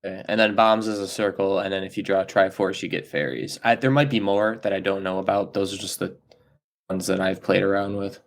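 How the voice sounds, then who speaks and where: A man's voice: deep voice, flat delivery, brisk. A man co-hosting a casual gaming podcast, recapping in an easygoing way. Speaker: podcast co-host.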